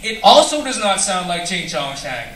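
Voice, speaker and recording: A man's voice: high-pitched, big pitch swings, normal speed. Filipino man doing stand-up in an echoey theatre. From Philippines. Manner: jokey, switches into mock accents and languages. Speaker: stand-up comedian. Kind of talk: stand-up comedy with accent impressions. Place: theatre stage before a live audience. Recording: distant echoey theatre recording with loud crowd.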